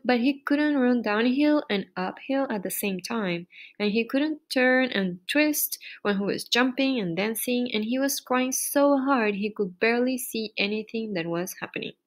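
A woman's voice: on the high side, normal speed. Woman reading a children's story aloud.

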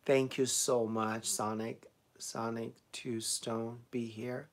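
A man's voice: mid-range voice, flat delivery, slow pace. A man with a Chinese accent chats casually through a live stream, answering his viewers one by one. He sounds middle-aged and laughs easily between answers. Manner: chatty, laughs often, reads out viewer comments. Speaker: beauty vlogger answering live chat.

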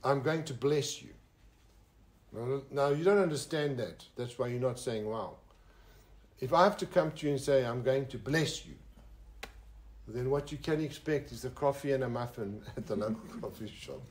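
A man's voice: medium pitch, moderate pace, a little mellow. Joking South African man preaching. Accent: South African English. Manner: joking, conversational, with asides to the listeners. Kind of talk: informal sermon. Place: fellowship lounge.

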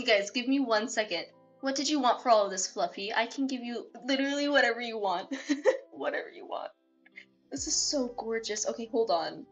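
A woman live streamer chatting casually with her viewers, excitable and gushing, often repeating herself. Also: fairly high pitch.

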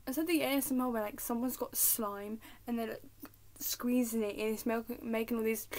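A woman's voice: fairly high pitch, steady tone, normal speed. A young woman with an English accent, chatting casually to camera at home, giggling and dropping into whispers. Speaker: vlogger. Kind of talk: casual rambling chat to camera. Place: at home in her room.

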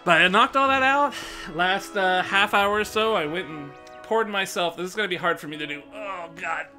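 A man's voice: high-pitched, a little fast, bright, forceful tone, faint music behind. A young American man streaming live, chatting casually and rambling about his day, swearing freely and a little out of breath. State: slightly out of breath. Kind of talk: casual rambling chat to viewers.

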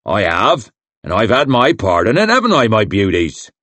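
A man's voice: on the low side, huge pitch swings, moderate pace, no echo, exaggerated voice. A man voicing a boisterous, boastful fat hillman chieftain who taunts and roars. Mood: taunting. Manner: loud, taunting, blustering.

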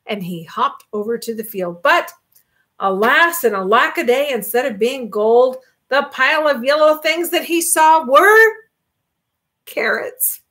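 Older woman reading a storybook, lively. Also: high-pitched, takes it slowly. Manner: animated, expressive read-aloud.

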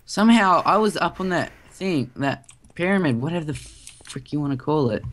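Excitable young male gamer. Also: on the high side, normal speed. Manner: excitable, yelps and shouts mid-fight. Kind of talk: casual gameplay chat.

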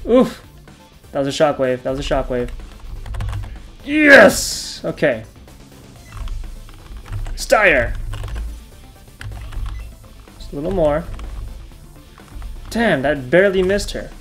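Excitable young man narrating gameplay. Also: fairly high pitch, slow, long pauses, faint music behind. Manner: excitable, yelling and laughing at close calls; chatty, talks over his play. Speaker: gaming channel host. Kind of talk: gameplay commentary.

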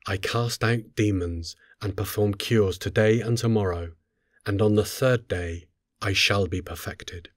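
A man reading scripture aloud in a solemn, measured, unhurried way. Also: fairly low pitch, no echo, studio quality. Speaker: scripture reader.

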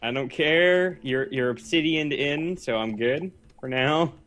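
A man's voice: on the high side, a little slow, a bit bright. A young man from New England with a nasal voice and a New England American accent, chatting and giggling through a co-op game as a guest. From New England, United States. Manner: giggly and self-deprecating, rambling. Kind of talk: casual gaming chat.

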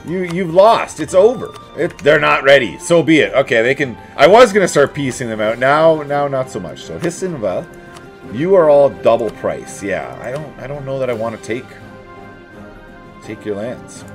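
A man talks his way through a strategy campaign, his voice rising and falling in lively swings. He chats to his troops and enemies with playful asides. Soft music hums faintly underneath. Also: mid-range voice, normal speed. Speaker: let's play host. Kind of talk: casual strategy game commentary.

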